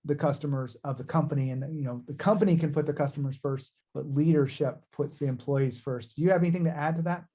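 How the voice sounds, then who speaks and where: A male podcast host with a mellow, warm voice that sits a little higher than most men's. He interviews a founder and turns aside to coach his listeners directly. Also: fast talker, hardly any pauses. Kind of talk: business interview.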